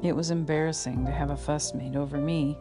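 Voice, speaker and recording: Woman reading her memoir, low voice, guitar playing behind, stops to fix slips sometimes. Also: steady tone. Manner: unhurried, reflective, with occasional slips and rereads. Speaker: memoir reader.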